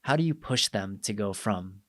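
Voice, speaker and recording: Low-voiced man hosting a podcast. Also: normal speed, no echo, clean studio sound. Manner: animated storyteller, acts out quoted exchanges. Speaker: podcast host and coach. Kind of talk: casual podcast conversation.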